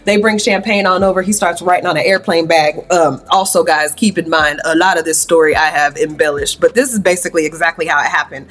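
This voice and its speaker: A woman's voice: fairly low pitch, steady tone, fairly quick, hardly any pauses, fairly bright tone. Slangy playful woman vlogger. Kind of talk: casual storytelling commentary.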